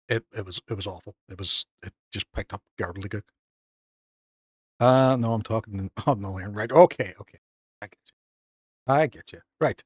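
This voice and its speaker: Excitable Northern Irish man streaming. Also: lowish voice, dry recording, studio quality. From Northern Ireland. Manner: excitable, self-mocking, reads out chat and thanks viewers. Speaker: game streamer. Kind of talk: casual live-stream chat.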